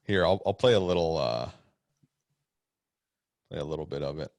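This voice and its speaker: A man's voice: rumbling low, expressive, moderate pace, gravelly, dry recording. A man co-hosting a podcast, telling a story in a rambling way, laughing often and swearing. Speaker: podcast co-host, pro wrestler. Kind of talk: casual chat.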